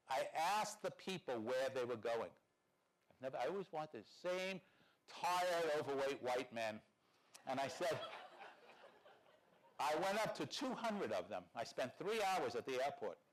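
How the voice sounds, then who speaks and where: A man's voice: fairly high pitch, sing-song, moderate pace, low-quality recording. An older man from New York giving a conference talk, wry and anecdotal, acting out the people in his stories. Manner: wry, storytelling, acts out dialogue. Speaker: conference speaker.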